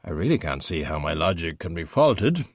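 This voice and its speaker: A dry, sardonic skeleton detective speaks low and unbothered, as a male audiobook narrator plays him. His deadpan delivery stays calm and wry. The sound is close and dry. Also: moderate pace, no room sound.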